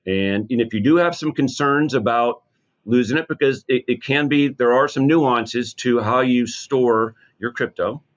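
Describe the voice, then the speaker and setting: A man's voice: medium pitch, unhurried, dull audio. A man as a guest advisor in a podcast interview, answering confidently and upbeat with many restarts.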